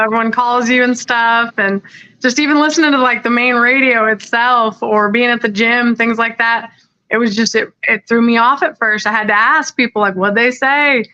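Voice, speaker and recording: A woman from Colorado, a guest fighter chatting casually over a call-in line, upbeat and quick to laugh. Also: fairly high pitch, pushed and bright. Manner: upbeat, laughs easily, filler ums. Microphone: remote call-in. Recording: dull lo-fi call-in audio.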